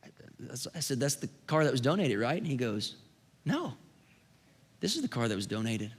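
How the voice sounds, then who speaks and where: A man preaching a sermon as pastor, telling a personal story in an animated way that builds to emphatic preaching. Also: medium pitch, normal speed, slightly rough. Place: church sanctuary. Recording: long hall reverb.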